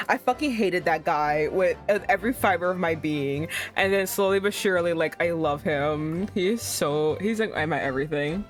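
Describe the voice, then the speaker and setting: A young woman streaming a game, chatting casually, swearing freely and laughing often. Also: on the low side. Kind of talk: casual game let's-play chat.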